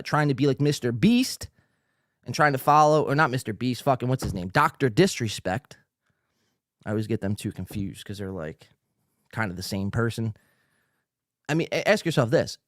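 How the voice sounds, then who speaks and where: A man's voice: mid-range voice, dry recording, studio quality. Rambling, profane male podcast host. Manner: rambling, profane, with frequent fillers and restarts. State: a little tipsy. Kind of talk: ranting casual commentary.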